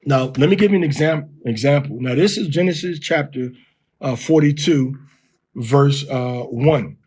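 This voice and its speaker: A man teaches in a husky, slightly breathy voice. He walks through examples one step at a time, slowing down to sound words out. His pitch sits in the middle of the male range. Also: darkish tone. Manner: explains step by step, reads verses aloud slowly. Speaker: Hebrew teacher. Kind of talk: informal recorded lesson.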